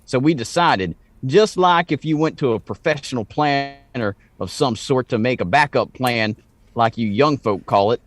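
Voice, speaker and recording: A man's voice: on the high side, animated, moderate pace, lightly acted. A man reading a listener's letter as a folksy old farmer in a slack-jawed drawl.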